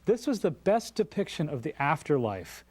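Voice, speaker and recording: A man's voice: fairly high pitch, sing-song, normal speed, a little mellow. A man co-hosting a film review show, chatting casually and musing with many hesitations. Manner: hesitant, full of fillers and restarts, musing. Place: TV studio.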